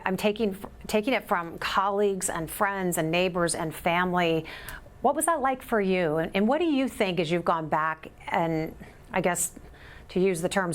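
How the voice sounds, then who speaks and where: Woman host, lowish voice, asks soft probing questions w lots of ums. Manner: gentle and probing, with filler words. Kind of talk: interview.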